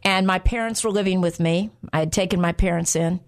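Earnest woman hosting Christian radio. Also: fairly low pitch. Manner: earnest, slows down for emphasis. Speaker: radio show host. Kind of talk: Christian radio talk, personal storytelling.

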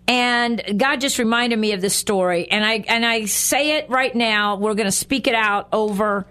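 A woman hosting a Christian radio talk show, teaching from the Bible and acting out the scenes with animation. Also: fairly high pitch. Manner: animated, acts out scripture scenes in lively voices and laughs often.

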